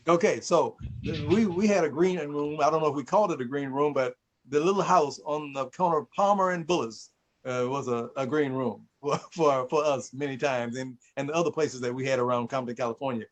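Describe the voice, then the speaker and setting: A man's voice: medium pitch, brisk, poor audio. A man hosting a casual conversation and telling stories with frequent laughter. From Mississippi, USA. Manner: storytelling, laughs often. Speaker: host.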